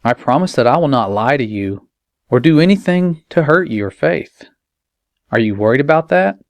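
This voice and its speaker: A sweet-voiced tempting spirit murmurs soothing promises, put on by a man. The tone rises gently and stays clear and close in a dry space, wheedling and far too reassuring. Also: mid-range voice, expressive, normal speed, no echo, pitched above the performer's own voice, close to an everyday voice. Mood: coaxing. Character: coaxing smooth-talking tempter spirit, male.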